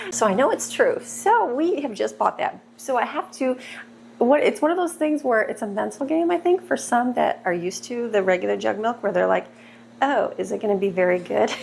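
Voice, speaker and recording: A woman's voice: a little high, lively intonation, normal speed, gravelly, darkish tone, slight background noise. A middle-aged woman chatting and rambling while cooking at home, laughing often, on a clip-on mic. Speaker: homemaker vlogger. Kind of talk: casual chat while cooking. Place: home kitchen. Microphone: clip-on mic on shirt.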